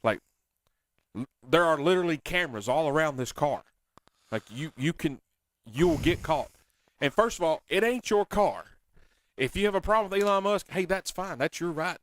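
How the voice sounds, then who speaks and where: A man's voice: fairly high pitch, expressive, normal speed, fairly bright tone. A man hosting a casual radio show, talking bluntly in a folksy, ranting way.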